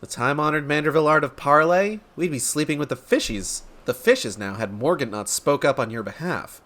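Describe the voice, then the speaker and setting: A man's voice: a little high, fairly quick, fairly bright tone, close to an everyday voice. A man voicing a dry, sarcastic young female reporter.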